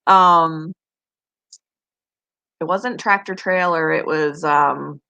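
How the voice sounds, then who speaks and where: A woman's voice: low voice, very slow, gravelly, bright, forceful tone. A woman from Canada with a Canadian accent, chatting casually on a live stream, giggly and answering viewers' comments. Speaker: pet channel host.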